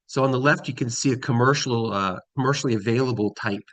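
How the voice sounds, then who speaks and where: A man's voice: medium pitch, fast talker, a bit bright, no echo. A middle-aged man giving a casual conference talk from slides, with many ums and restarts. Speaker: conference presenter.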